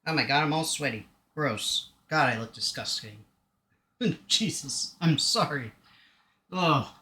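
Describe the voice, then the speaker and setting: A man talks his way through a game on a live stream. His voice is bright and forceful, and it swings up and down a lot as he rambles and pokes fun at himself. The room is echoey, with game music running behind him. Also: on the high side, expressive, slow. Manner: rambling, joking and self-mocking. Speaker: gaming streamer. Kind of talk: casual live-stream chat while playing.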